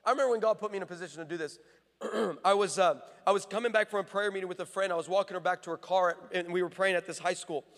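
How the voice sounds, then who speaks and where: Animated preacher man in a big hall. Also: sits high, very fast. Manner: animated, playful storytelling with frequent self-interruptions. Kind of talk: sermon with comic storytelling. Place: large armory hall. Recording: long reverb of a large hall.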